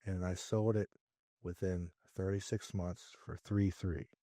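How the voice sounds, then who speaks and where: A man as a podcast guest, telling a business story in a lively way and acting out his own dialogue. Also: low-pitched, unhurried, no echo, clean studio sound. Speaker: podcast guest, real estate investor. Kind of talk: conversational storytelling interview.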